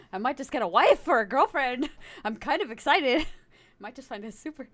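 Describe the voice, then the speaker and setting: A woman's voice: high voice, animated, moderate pace, a bit bright, no room sound. Giggly chatty woman streamer. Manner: giggly, laughs often, rambling. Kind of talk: casual chat with live chat.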